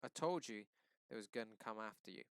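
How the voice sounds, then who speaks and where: A man reading aloud and voicing a tough, protective father who speaks loudly and bluntly. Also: fairly low pitch, a little fast, clean tone, dry recording, natural voice. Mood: defiant. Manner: loud, forceful and blunt.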